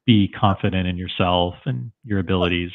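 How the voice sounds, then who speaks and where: Panelist: low-pitched teasing man, stumbles, thin phone-like call sound. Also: fairly quick. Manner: teasing, stumbling restarts, laughs. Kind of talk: casual livestream chat. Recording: tinny phone-like remote call.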